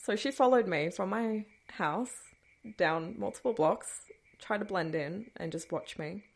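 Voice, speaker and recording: A woman's voice: mid-range voice, measured pace. A woman hosting a podcast, telling a personal story in a casual, chatty way, breaking into nervous laughs and trailing off with dismissive asides. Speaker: podcast host.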